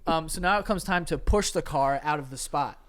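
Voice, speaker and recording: Podcast co-host, young adult male, slightly high voice, lively storyteller who laughs a lot. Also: brisk, slight background noise. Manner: animated storyteller, laughs often, acts out voices. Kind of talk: casual storytelling chat.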